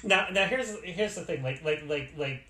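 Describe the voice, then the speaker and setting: A man's voice: fairly high pitch, animated, normal speed, pushed and bright, reverberant. A man hosting a podcast, talking casually and enthusiastically with lots of fillers. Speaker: podcast host. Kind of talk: casual chat.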